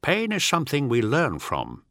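A man voicing a cold, ruthless male warrior commander who speaks in a flat, clipped, menacing way. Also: medium pitch, normal speed, creaky, no echo, studio quality, pitched above the performer's own voice, exaggerated voice.

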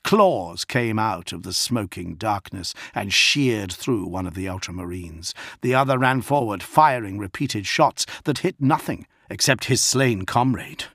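Male narrator, gravelly, husky, lively intonation, dry close sound. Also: fairly low pitch, measured pace, hardly any pauses, no echo. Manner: intense, expressive. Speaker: audiobook narrator. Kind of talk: dramatic audiobook narration.

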